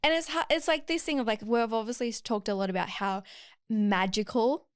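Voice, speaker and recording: Candid, smooth-voiced woman podcast host. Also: on the high side, dry recording, clean studio sound. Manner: candid storyteller, fast and expressive. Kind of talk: casual interview chat.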